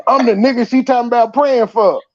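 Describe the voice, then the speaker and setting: A man hosting a casual livestream, ranting in animated, profane bursts and laughing at himself. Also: extremely high pitch, fairly quick, highs cut off. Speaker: host.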